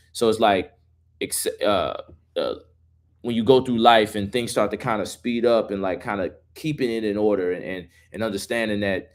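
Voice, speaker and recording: Low-voiced man chatting on a live stream. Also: normal speed. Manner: loose and profane, reads chat questions aloud. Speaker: musician hosting a live stream. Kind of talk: casual live-stream chat.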